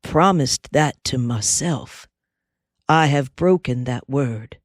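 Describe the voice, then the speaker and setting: A grave, gentle young cowpuncher, read by a woman in plain folksy Western speech. He speaks slowly and earnestly, without hurry. The sound is dry and close. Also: very deep voice, dry recording, full character voice.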